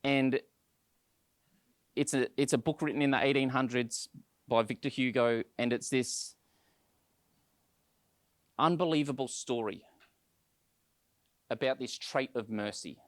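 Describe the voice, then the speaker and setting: A man's voice: mid-range voice, measured pace, pauses often, no echo, clean studio sound. A male pastor preaching a sermon, telling stories with acted-out quotes, often repeating words as he starts sentences.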